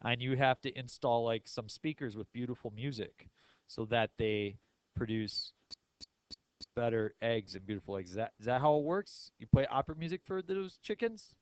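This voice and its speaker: A man's voice: mid-range voice, moderate pace, clear, resonant tone, no room sound, low-quality recording. Casual, joking man teaching math. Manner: casual, joking, asks the class questions. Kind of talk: classroom lecture.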